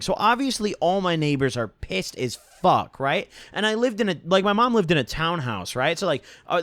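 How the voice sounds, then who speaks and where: A man's voice: high voice, a bit bright, no echo. A young man casually telling a rambling, profane story from his own life and tagging his sentences with "right?". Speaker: storytime vlogger.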